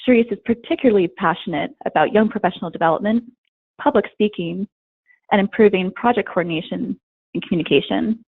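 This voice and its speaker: A woman's voice: mid-range voice, fairly quick, slightly rough, no room sound. A woman hosts a webinar and reads out her guests' introductions. She sounds friendly. Her voice comes over a tinny line with no room sound. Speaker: webinar host.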